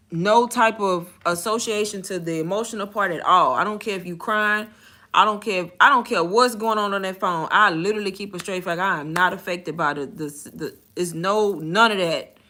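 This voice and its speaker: Blunt, bright-voiced young woman vlogging. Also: medium pitch, normal speed. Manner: candid and blunt, slangy, laughs often. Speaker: content creator and bank call center agent. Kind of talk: casual storytime vlog.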